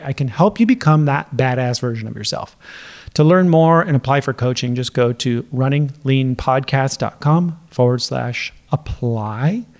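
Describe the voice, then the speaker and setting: A middle-aged man hosting his own podcast as a coach, talking casually and laughing now and then. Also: a little high. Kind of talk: casual solo podcast talk.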